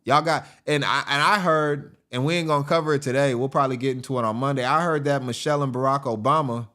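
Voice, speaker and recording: A man hosting a show, giving casual, joking commentary over video clips in an animated way and often laughing. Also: mid-range voice, fast talker. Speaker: host.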